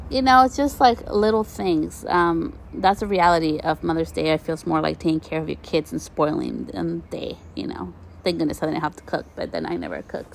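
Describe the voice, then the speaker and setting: A woman's voice: low-pitched, creaky, a little hiss or hum. A woman hosting a podcast, talking casually and encouragingly to listeners as a mother, recorded outside her country home. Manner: warm, chatty, encouraging, addresses listeners as "you guys". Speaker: podcast host. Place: outdoors near a country house. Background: birdsong.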